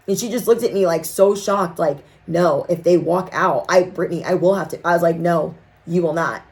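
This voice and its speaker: Tarot reader vlogger: young adult woman, slightly low voice, lively slangy talk to the camera. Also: a little fast. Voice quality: animated, slangy storytelling. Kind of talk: casual chat to viewers.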